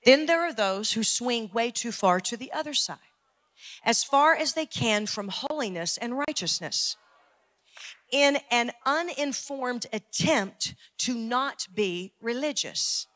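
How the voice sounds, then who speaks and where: Fiery, bright-voiced woman pastor preaching. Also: on the high side, lively intonation, slow pace. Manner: preaching with rising intensity, repeating phrases for emphasis. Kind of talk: fiery sermon. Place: church sanctuary.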